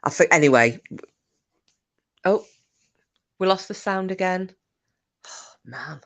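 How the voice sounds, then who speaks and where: Female streamer with a low voice, casual rambling host. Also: animated, takes it slowly, a bit bright. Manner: chatty, rambling, chuckling asides. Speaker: livestream host. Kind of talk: casual chat reading viewer comments.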